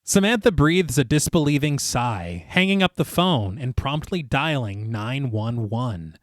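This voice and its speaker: A man's voice: mid-range voice, measured pace, no room sound, clean studio sound. A man co-hosting a horror podcast, narrating a film's plot scene by scene. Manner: narrates plot at length, lively. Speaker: podcast co-host. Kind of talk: recapping a film plot.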